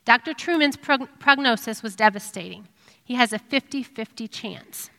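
A middle-aged woman giving an earnest, reflective devotional sermon, pausing with ums. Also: on the high side, expressive, vocal fry, pushed and bright. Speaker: speaker giving a devotional talk. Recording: long reverb of a hall.

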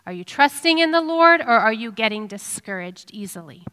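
A middle-aged woman giving an earnest, reflective devotional sermon, pausing with ums. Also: on the high side, lively intonation, pushed and bright, clear, resonant tone. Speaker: speaker giving a devotional talk. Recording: long reverb of a hall.

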